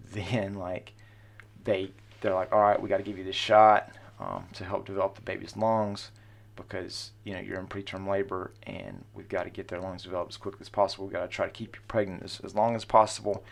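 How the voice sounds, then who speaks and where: A man's voice: deep voice, vocal fry. A middle-aged man casually telling the story of his family, rambling with lots of fillers. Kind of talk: personal storytelling.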